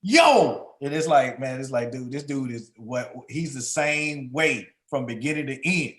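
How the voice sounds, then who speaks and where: A man in his forties, a guest singer, chatting in a casual interview in an animated, jokey way. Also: mid-range voice, moderate pace. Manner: animated, jokey, repeats "you know what I'm saying". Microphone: video call.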